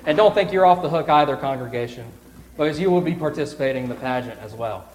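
A man's voice: fairly high pitch, fast, slight background noise. Playful man with big echoing hall reverb. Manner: playful, animated, swings between loud cries and hushed whispers. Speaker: children's pageant director. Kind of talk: reading a storybook aloud to children. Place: large church sanctuary. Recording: echoey hall reverb, faint room ambience.

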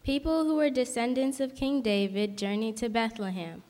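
A woman narrating a children's Christmas story in a clear, measured storytelling manner. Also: on the high side, steady tone, a little mellow. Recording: reverberant hall.

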